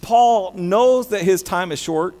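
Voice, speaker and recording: An American man preaching a sermon, animated, often restarting his words mid-phrase. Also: high-pitched, slow. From United States. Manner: animated, many restarts and stammers. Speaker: pastor. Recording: long hall reverb with mains hum.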